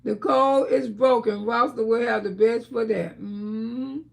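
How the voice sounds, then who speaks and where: A woman hosting a live stream, talking casually and trash-talking loudly, with frequent laughter. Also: on the high side, steady tone, a little slow, vocal fry.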